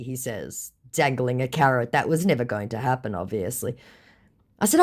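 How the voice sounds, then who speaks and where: A woman's voice: extremely low pitch, sing-song, fairly quick, warm tone. A woman telling a comic story in a sarcastic, mocking way. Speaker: storyteller recounting a chat. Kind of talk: comedic storytelling.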